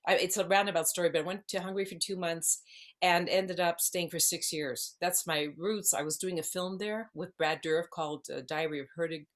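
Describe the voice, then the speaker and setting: A woman's voice: fairly low pitch, fairly even intonation, a little fast. Rambling woman around sixty telling stories. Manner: rambling, digressive, circling back. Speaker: actress guest. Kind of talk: casual interview storytelling.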